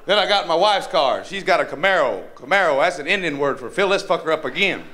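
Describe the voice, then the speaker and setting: A man with a North Carolina Southern accent doing a crude stand-up set, with a rough, profane, drawling punchline delivery. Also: a little high, lively intonation, fast talker, bright, forceful tone. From North Carolina, USA. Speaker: stand-up comedian. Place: comedy club stage. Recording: live club with crowd laughter and noise.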